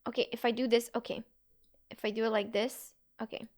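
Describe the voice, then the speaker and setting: A woman's voice: on the high side, flat delivery, a little fast. A young woman streaming live, chatting casually with her viewers, giggling often and answering chat messages as they come in. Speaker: Twitch streamer.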